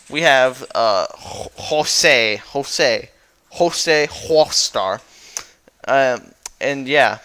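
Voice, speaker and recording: A man's voice: mid-range voice, fairly bright tone, smooth. A young man casually and goofily recapping a story over a slideshow, rambling and correcting himself as he goes. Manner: rambling and goofy, with lots of fillers and self-corrections. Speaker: YouTuber.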